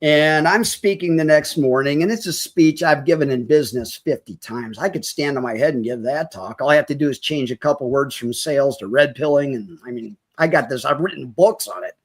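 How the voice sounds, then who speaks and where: A man with a somewhat high-pitched voice talks as a podcast guest. He tells a personal story with feeling and slips into the voices of the people in it. At moments he comes close to tears. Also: a little fast, few pauses. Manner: vivid storyteller who acts out quoted dialogue.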